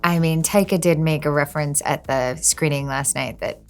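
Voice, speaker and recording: A woman's voice: sits low, steady tone, normal speed, vocal fry, soft background music. A woman being interviewed as a guest, chatting casually and laughing often. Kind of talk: casual chat.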